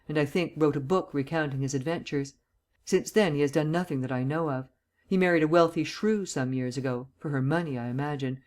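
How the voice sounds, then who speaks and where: A man's voice: fairly high pitch, darkish tone. Man reading an old mystery novel aloud. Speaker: audiobook reader. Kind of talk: audiobook narration.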